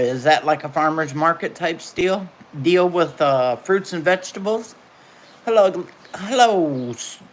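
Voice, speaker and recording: A woman's voice: on the low side, slight background noise. A middle-aged woman, chatting casually and telling folksy stories while hosting a livestream. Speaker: livestream host.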